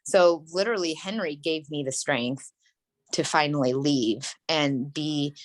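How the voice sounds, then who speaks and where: Woman, 30s, interview guest; low, dry voice; earnest, rambling storyteller. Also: unhurried, no echo. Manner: rambling, frequent "like" and "you know"; earnest and emotional. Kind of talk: candid personal storytelling.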